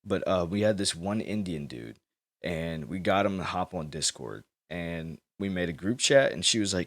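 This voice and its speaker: A man's voice: low-pitched, expressive, normal speed. A young man hosting a podcast, telling a story in loose, rambling, profane casual chat. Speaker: podcast host.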